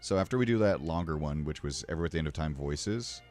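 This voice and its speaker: A man with a very low voice rambles through a casual livestream chat, emotional and loose, with a curse here and there. Soft music plays faintly behind him. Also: expressive, quick pace. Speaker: streamer.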